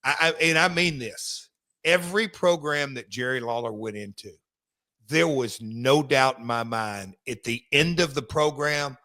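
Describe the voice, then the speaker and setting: A man's voice: medium pitch, a little slow, pushed and bright, no room sound. A man co-hosting a podcast, telling a rambling story full of fillers and restarts. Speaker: podcast co-host. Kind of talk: casual chat.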